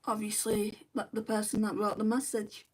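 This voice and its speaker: Woman, young adult, livestream host, chatty, answering comments, mid-pitched, sitting back from the mic. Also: level tone, normal speed. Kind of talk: casual live chat while doing makeup. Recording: voice a bit distant from the mic.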